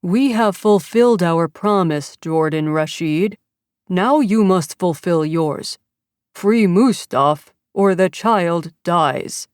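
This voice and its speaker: A woman voicing a cold, commanding male kidnapper who speaks slowly through a distorted voice. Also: fairly low pitch, darkish tone, clear, resonant tone, no room sound, studio quality. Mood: menacing. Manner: slow, deliberate, distorted.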